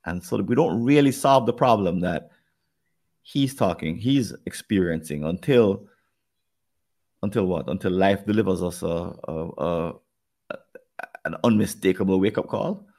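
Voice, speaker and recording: Gravelly Jamaican man, thoughtful. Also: sits low, darkish tone. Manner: thoughtful, speaks in halting restarts. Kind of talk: podcast conversation.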